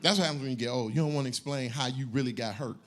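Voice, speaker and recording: A man doing stand-up comedy, telling a story in an animated, conversational way on a comedy club stage. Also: mid-range voice, very fast. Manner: animated, conversational, acts out characters.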